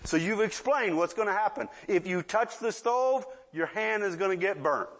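This preacher, in his sixties, has a fairly high-pitched voice and a moderate pace as he preaches in an easygoing, conversational way. Asides where he mimics children's voices help his points land, and he keeps asking the audience "yeah?"

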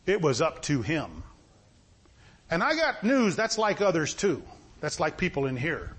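A man preaching a sermon as pastor, impassioned and rising to loud bursts. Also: a little high, husky.

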